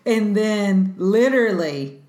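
A woman co-hosting a faith discussion, chatty and animated, with lots of fillers. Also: mid-range voice, slow. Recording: echoey room.

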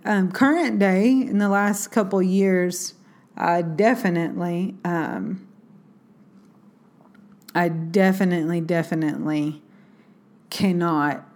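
A woman's voice: on the low side, darkish tone. A woman in a casual faith talk, speaking earnestly and reflectively, with many fillers and restarts. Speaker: Christian speaker.

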